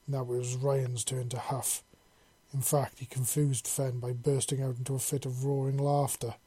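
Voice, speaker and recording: A man reading a science-fiction fan story aloud, in steady descriptive narration. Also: medium pitch, moderate pace, husky.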